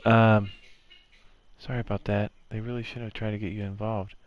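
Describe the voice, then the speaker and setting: A man voicing a poised teenage girl who leads a school club, speaking softly in a gentle, apologetic way. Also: lowish voice, little pitch movement, moderate pace, lo-fi sound, voice pushed down, lightly acted.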